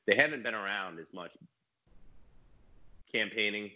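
A man, a business coach and mentor, talking in a casual podcast conversation with an energetic, emphatic manner. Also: fairly low pitch, unhurried, dull audio, slight background noise.

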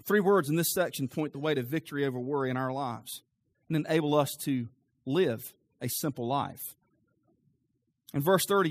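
A male pastor preaching a sermon with an emphatic, rising cadence, then leading a quieter prayer. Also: on the high side, dry recording.

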